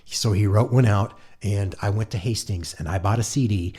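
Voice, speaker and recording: A man's voice: on the low side, moderate pace, darkish tone, breathy edge. A middle-aged man, a guest musician from Montana, telling a chatty anecdote in a casual interview and acting out what other people said. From Montana, USA. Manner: chatty, acts out others' quotes with voices. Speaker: guest musician, guitar player.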